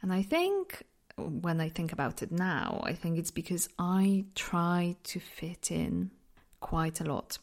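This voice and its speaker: A woman's voice: lowish voice, expressive, takes it slowly, darkish tone. A woman from Poland with an accent that mixes Polish and British, hosting a reflective solo podcast in a candid, self-deprecating way, laughing often. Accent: mixed Polish-British. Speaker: podcast host.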